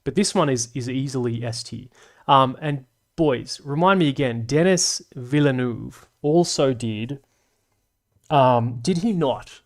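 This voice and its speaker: A man's voice: mid-range voice, a little slow. A man hosting a casual live stream, reading chat and rambling in a self-deprecating way with lots of fillers.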